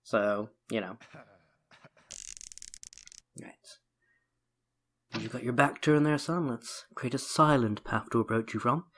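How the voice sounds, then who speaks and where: A man's voice: mid-range voice, takes it slowly, long pauses, a bit bright. A man hosting a let's play, giving joking, self-mocking gameplay commentary into a desk microphone and talking to the game character.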